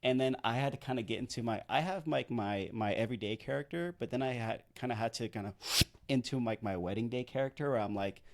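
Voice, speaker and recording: A man in his thirties talks fast in a darkish, mid-range voice, telling a story on the podcast he co-hosts. He's a wedding videographer by trade. The story wanders, mocks himself, and is thick with "like," all in a chatty manner.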